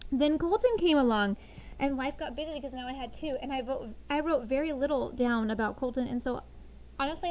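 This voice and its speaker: High-voiced middle-aged lady teacher, lively storytelling to her class, faint noise behind. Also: rough recording.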